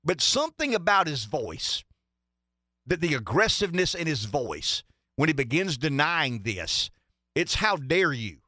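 A man's voice: a little high, big pitch swings, a little slow, sharp tone, no echo, clean studio sound. A man giving emphatic political commentary on a talk show, stacking rhetorical questions and repeating himself for emphasis.

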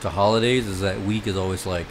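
A man's voice: low-pitched, fairly even intonation, fast talker, background noise. Laughing, swearing man telling stories. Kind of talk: casual group chat.

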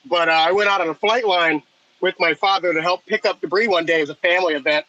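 A man's voice: sits high, fast, sharp tone, no room sound, dull audio. A man chatting casually on a podcast, telling rambling, enthusiastic stories. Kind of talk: casual chat.

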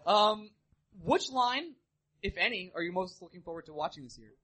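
Guy cohosting a live podcast, quick and jokey, bright lively voice, bit husky. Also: sits high. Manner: teasing, quick questions. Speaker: podcast co-host. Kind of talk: casual chat.

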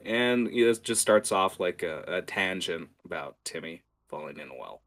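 A man's voice: deep voice, expressive, normal speed, a bit bright. A man narrating a tabletop game as game master, rambling with many fillers.

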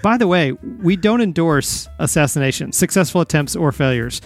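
A man hosting a casual comedy podcast, with a teasing, deadpan delivery. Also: a little high, normal speed, faint music behind. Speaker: podcast host.

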